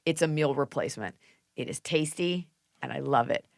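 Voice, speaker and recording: Animated woman host telling stories. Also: very deep voice, normal speed, vocal fry, no room sound, studio quality. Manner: animated storyteller, acts out quotes, swears. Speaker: podcast host. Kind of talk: casual podcast chat.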